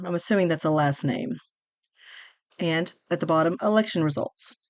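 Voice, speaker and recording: A woman's voice: low voice, normal speed, pauses often, dry recording. A woman hosting a podcast, talking in an earnest, semi-scripted way and reading on-screen text aloud. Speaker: podcast host. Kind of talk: casual scripted commentary.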